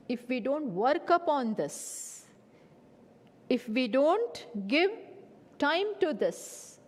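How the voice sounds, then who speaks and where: Slow, high-voiced woman teaching in a hall. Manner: asks rhetorical questions and answers them herself; deliberate, repeats key phrases. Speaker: Vedanta teacher. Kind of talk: spiritual lecture. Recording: long hall reverb.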